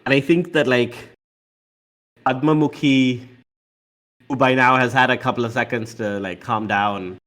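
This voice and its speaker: A man running a tabletop game, narrating and speaking for the characters in a slow, measured way. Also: mid-range voice, steady tone, a bit bright. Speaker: game master.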